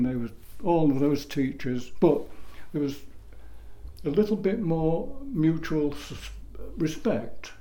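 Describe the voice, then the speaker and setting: A man's voice: a little high, mellow. An older man from England telling rambling stories about his first jobs as a boy, often correcting himself mid-sentence. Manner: rambling, self-correcting storyteller. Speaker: interviewee recalling his youth. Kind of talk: oral history reminiscence.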